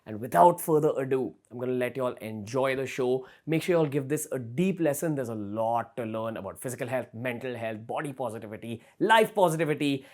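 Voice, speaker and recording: A young man from India hosting a podcast with an energetic, enthusiastic manner. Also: mid-range voice. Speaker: podcast host. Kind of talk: casual podcast chat.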